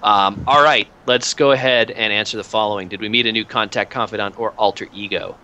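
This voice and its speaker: A man's voice: lowish voice, steady tone, brisk, sharp tone, poor audio. A man running a tabletop game as game master, narrating casually with lots of hesitations. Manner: casual, hesitant with many fillers.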